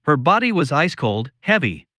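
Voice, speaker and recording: A man tells a dramatic first-person story in a slow, solemn, confiding manner. His voice sits a little high for a man, and the sound is dry and close. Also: very animated, pushed and bright, no room sound.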